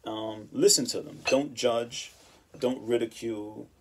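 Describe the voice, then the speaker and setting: Raspy laid-back man telling stories. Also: mid-range voice, steady tone, unhurried, a little mellow. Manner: laid-back storytelling, laughs often, says "man" and "you know". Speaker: channel host. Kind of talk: casual monologue vlog. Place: home in Japan.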